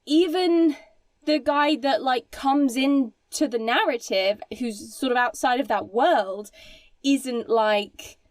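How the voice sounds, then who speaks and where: A woman's voice: sits high, takes it slowly, no room sound. A woman co-hosting a casual film podcast, emphatic and swearing freely as she talks. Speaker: podcast co-host.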